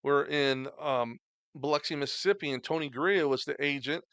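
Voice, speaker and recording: Creaky-voiced man telling stories. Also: a little high, brisk, fairly bright tone, dry recording. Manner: rambling, many "you know" fillers. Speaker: podcast guest, former wrestler. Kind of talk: casual storytelling chat.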